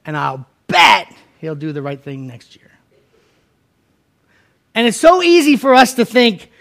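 A man with a high, bright voice preaches a sermon. He tells the scripture story like a casual chat, slipping into the characters' lines as he goes. His delivery stays folksy and conversational. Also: sing-song, slow. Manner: storytelling, acting out voices in quotes. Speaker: pastor.

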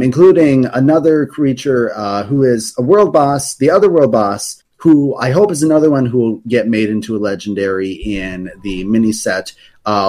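A man's voice: mid-range voice, mellow. A man in casual podcast chat, explaining game lore at length with many fillers and restarts.

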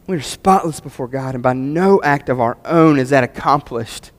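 A man's voice: medium pitch, moderate pace, few pauses, in a large hall. A male pastor preaching a sermon, emphatic and building to fervent peaks on key phrases.

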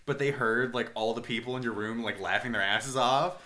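A man's voice: mid-range voice, fairly quick, bright, forceful tone, roomy sound, slight background noise. A teenage boy co-hosting a podcast, chatting casually and adding dry quips. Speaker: podcast co-host. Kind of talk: casual chat.

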